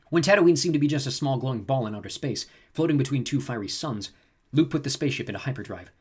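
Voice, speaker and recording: A man narrating a sci-fi audiobook in a brisk storytelling manner. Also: mid-range voice, a little mellow, husky. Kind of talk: scripted narration.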